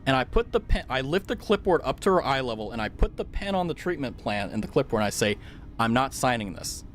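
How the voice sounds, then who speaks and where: Animated young man telling a rambling story. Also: mid-range voice, fast, a little hiss or hum. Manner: rambling storytelling with frequent swearing and restarts; animated, loud laughs. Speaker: streamer. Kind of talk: casual chat while gaming.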